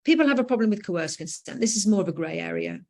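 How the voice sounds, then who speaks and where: A woman's voice: mid-range voice, expressive, quick pace, vocal fry, darkish tone. A British woman lecturing firmly and emphatically, with frequent fillers. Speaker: educator giving a talk.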